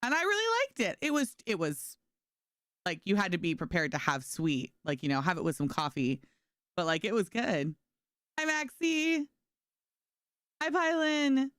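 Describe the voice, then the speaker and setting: A woman's voice: lowish voice, wildly swooping pitch, normal speed, fairly bright tone, smooth, no room sound, studio quality. A young woman streamer chatting casually and bubbly with her viewers while she plays a game. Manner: bubbly, talks to chat and her dog, lots of "like". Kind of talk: casual live-stream chat.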